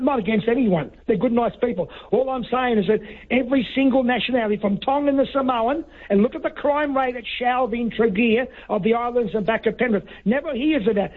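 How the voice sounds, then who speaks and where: A man's voice: extremely high pitch, breathy edge. An Australian man calling in to talk radio, insistent and talking over the host. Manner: insistent, talks over the host, repeats himself. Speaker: caller. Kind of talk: heated talkback call. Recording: tinny phone line.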